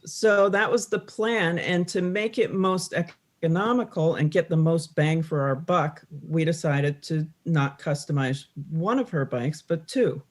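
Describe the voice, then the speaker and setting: A woman magazine editor chatting as a guest, explaining the project in a steady, informative way. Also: deep voice, a little slow, few pauses. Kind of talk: casual chat.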